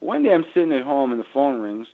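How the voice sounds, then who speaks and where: A Canadian man in his own kitchen, calling into an interview and spinning long, rambling stories with lots of energy. His voice comes through a thin, tinny phone line, sitting at an ordinary middle pitch. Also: quick pace. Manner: rambling, animated storyteller. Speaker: guest musician. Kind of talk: casual interview talk.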